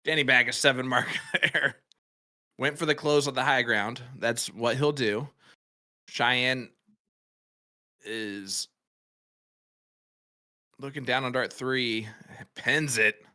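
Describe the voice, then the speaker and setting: Male darts commentator, bright tone, playful banter. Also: mid-range voice, slow pace, pauses often. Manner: joking, banters with co-host. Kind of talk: live sports commentary.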